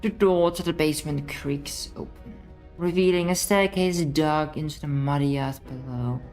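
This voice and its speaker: Woman doing a deep-set stern narrator for a game read. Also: moderate pace, a little mellow, faint music behind, close to an everyday voice, rough recording. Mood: ominous. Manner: commanding, insistent. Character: stern female narrator urging a princess slaying. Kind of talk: reading a game aloud.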